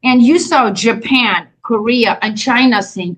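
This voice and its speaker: A woman's voice: a little high, a little slow, poor audio. A woman co-hosting a casual political chat, telling examples emphatically and chiming in with agreement. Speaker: co-host. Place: home, lives by the ocean in Florida.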